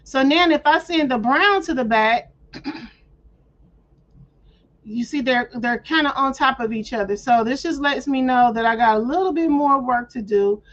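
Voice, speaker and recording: A woman with a high voice hosts a casual screen-share craft tutorial. She chats her viewers through each click with playful slang and clears her throat often. The audio is dull and lo-fi. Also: moderate pace.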